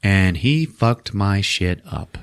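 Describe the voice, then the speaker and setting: Lively low-voiced man, profane comic recap. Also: clear, resonant tone. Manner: profane, laughing, acts out characters in quick voices. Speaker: podcast host recapping a film. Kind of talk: casual comedic movie recap.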